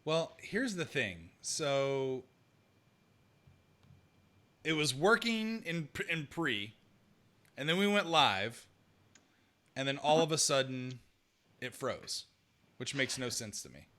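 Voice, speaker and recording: A man's voice: mid-range voice, sing-song, takes it slowly, long pauses, pushed and bright. A man hosting a live-streamed podcast, chatting casually and sorting out technical trouble aloud. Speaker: podcast host.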